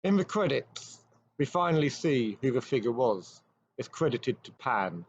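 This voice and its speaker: A man hosting a show, retelling an old ghost story with measured pacing and dramatic pauses. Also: mid-range voice, big pitch swings, breathy edge, no room sound. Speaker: host. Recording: dry, slightly dull recording.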